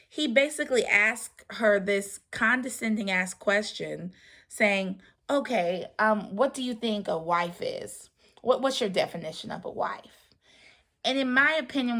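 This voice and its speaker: A woman talks through a reality show episode in an easygoing, conversational recap. She is sassy and outspoken and slips into other people's lines as she retells them. Her voice sits at a middle pitch, and small laughs break in between her comments. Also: fairly bright tone. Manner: sassy, opinionated, acts out quotes. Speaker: TV recap vlogger. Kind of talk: casual chatty recap.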